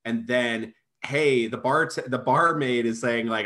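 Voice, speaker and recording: A man's voice: medium pitch, moderate pace. A man co-hosting a casual film review chat, incredulous, with frequent restarts. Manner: incredulous, restarts often, lively intonation. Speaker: podcast co-host reviewing a film.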